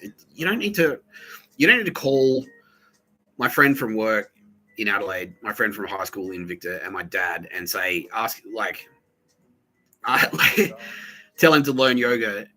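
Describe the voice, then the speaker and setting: Swearing Australian man, bright voice. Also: fairly low pitch, animated, moderate pace, long pauses, breathy edge, poor audio. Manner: crude, swears constantly, mutters asides. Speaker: podcast host. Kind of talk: rambling profane monologue.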